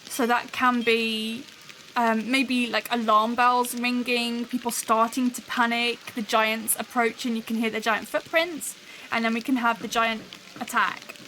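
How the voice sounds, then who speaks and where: A woman's voice: a little high, level tone, unhurried, bright, forceful tone, a little hiss or hum, low-quality recording. A woman hosting a livestream, chatting and thinking aloud as she builds a soundscape. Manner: chatty, musing, talks to live chat. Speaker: show host building a soundscape live.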